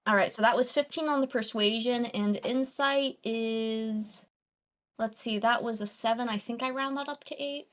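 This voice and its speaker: A woman's voice: a little high, normal speed, fairly bright tone. A woman playing a tabletop game, hesitant and thinking aloud as she works out her rolls. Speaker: player.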